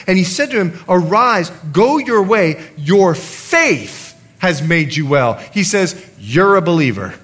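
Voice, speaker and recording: Male pastor, higher voice, very animated sermon delivery. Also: unhurried, few pauses. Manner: animated preaching, acts out the speakers in his stories.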